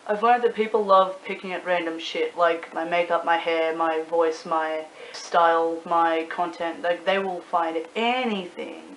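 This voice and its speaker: A young Australian woman talks straight to the camera in a loose, rambling vlog, swearing often and stacking up ums and likes. Her voice sits a little low. The room is echoey, with a faint hiss underneath. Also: fairly even intonation, unhurried. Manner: chatty, swears freely, rambling with many fillers. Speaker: YouTuber and club promoter. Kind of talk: casual talking-to-camera vlog.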